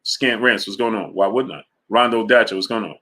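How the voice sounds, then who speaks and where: A man running a live boxing talk stream with a bright, forceful voice. He keeps greeting viewers by name between points and pushes his pitch up when he argues a case. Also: a little fast. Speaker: boxing talk show host. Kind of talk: live-stream chat reading super chats.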